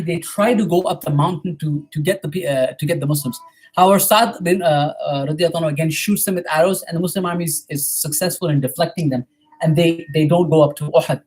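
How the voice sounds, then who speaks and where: A man giving a storytelling history lecture at a mosque, retelling events quickly and often checking in with "right?". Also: fairly high pitch, darkish tone, husky.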